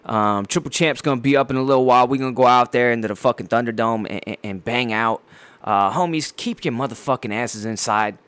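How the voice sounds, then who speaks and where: A man's voice: medium pitch, a little fast, clean tone, no room sound. A man hosting a casual solo podcast, ranting bluntly with heavy swearing, frequent fillers and repeated words. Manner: heavy profanity, blunt and animated. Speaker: podcast host.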